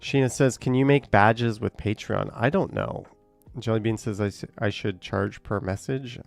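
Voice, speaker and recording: A man with a gravelly, creaky voice talks loosely through a live stream, answering viewer chat. He rambles and hesitates, trailing off into shrugging asides. Faint music plays quietly underneath. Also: fairly low pitch, moderate pace.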